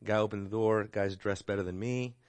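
A man's voice: lowish voice, fairly even intonation, a little fast, no room sound. A man teaching a casual Bible class, talking conversationally and checking in with "right?" as he goes. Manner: conversational, tags points with "right?".

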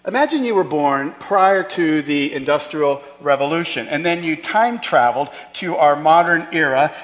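A man's voice: on the high side, a bit bright. A pastor preaching a sermon to his church, emphatic and conversational, with rhetorical questions. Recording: long hall reverb.

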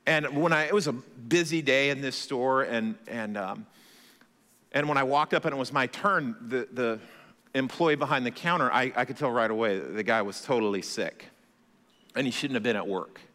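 A man preaching a sermon as pastor, telling stories in a conversational, animated way with self-deprecating humor. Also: medium pitch, moderate pace. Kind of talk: sermon with storytelling. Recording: long hall reverb.

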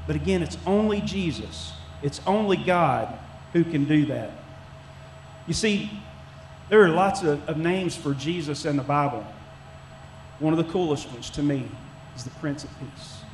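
High-voiced man preaching in an echoey church. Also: measured pace. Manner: conversational, folksy, with many restarts and fillers. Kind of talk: sermon. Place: church sanctuary. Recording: echoey church room, faint background noise.

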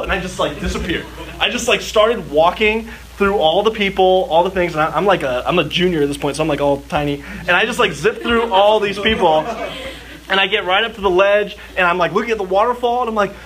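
Man preaching to a gathering, high-pitched and chatty, acting out childhood moments, with audience noise in the hall. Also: fairly quick, crowd noise. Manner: chatty, fills talk with "like", acts out his child self. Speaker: youth speaker. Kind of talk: storytelling sermon before an audience. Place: church gathering with live audience.

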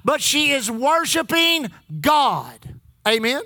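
A man preaching a sermon, leading the congregation in call-and-response and repeating key lines, shifting between loud emphasis and low asides. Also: expressive, a little slow, no echo. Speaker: pastor.

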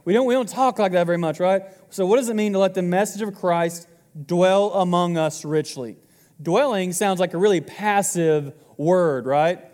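A man's voice: high voice, moderate pace, darkish tone, in a large hall. A man in his twenties preaching a sermon to his congregation in a casual, joking way. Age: 20s. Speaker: pastor.

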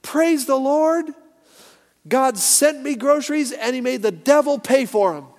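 A devout older woman, put on by a preacher, calls out to heaven in a high, sing-song exclaim, lifted well above his own voice. It rings out loud into a long hall echo. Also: takes it slowly, slight background noise. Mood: jubilant. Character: devout old woman praising aloud. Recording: echoey hall reverb.

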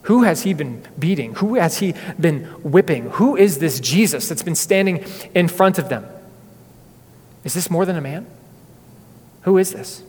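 A male pastor preaches with earnest, dramatic storytelling, his voice sitting somewhat high for a man. He is recorded in a church sanctuary, and a long hall reverb trails after his words. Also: animated, unhurried, long pauses, a little mellow, husky. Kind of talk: sermon.

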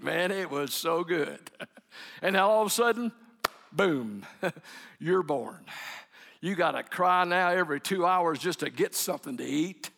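Male preacher, folksy sermon, laughs a lot, gravelly voice, reverberant hall. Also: high voice, expressive, normal speed, a bit bright. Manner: folksy and joking, often laughing, acts out quotes. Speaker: pastor.

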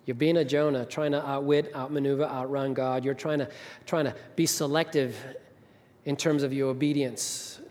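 A man preaching a sermon as pastor, telling a story with emphatic rises and soft drops. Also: medium pitch, flat delivery, moderate pace. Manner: storytelling, rising to emphatic peaks then dropping soft. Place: church sanctuary. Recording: reverberant hall.

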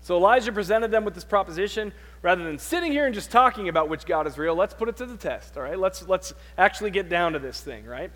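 A man preaching a sermon, reading scripture with dramatic loud peaks and dropping to quiet, conversational asides. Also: high voice, expressive, fast talker, hardly any pauses, long reverb tail.

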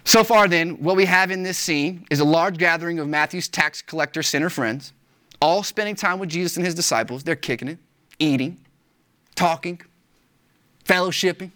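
This sermon comes from a pastor speaking at a moderate pace with lively, emphatic energy. He keeps things casual and slangy, pushing his pitch up high whenever he wants to stress key words.

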